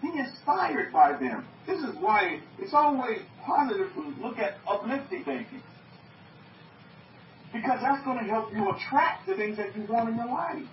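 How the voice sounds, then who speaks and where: A man's voice: very high voice, big pitch swings, normal speed, a little hiss or hum. A man preaching to an online group, emphatic, repeating his phrases and asking his listeners questions. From North America. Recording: muffled, echoey, from far off.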